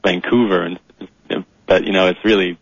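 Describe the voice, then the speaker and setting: A man's voice: sits low, steady tone, moderate pace, no echo, highs cut off. A man from Australia with a Canadian accent, a guest talking easily in an interview and laughing readily. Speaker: guest, professional blogger. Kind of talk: casual interview.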